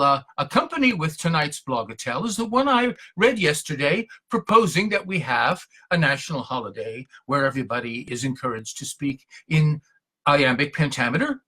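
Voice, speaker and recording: A man's voice: on the high side, sharp tone, husky. A man reciting his own poems in a theatrical, emphatic way, between short spoken introductions. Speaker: poet reading his own verse. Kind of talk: dramatic poetry recitation and talk.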